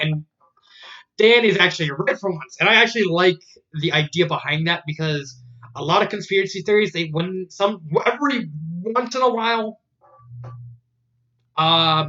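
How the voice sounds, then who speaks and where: A man's voice: high voice, brisk, sharp tone, lo-fi sound. A man casually reviewing a fan story, rambling with many fillers and restarts. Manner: rambling, filler-heavy retelling.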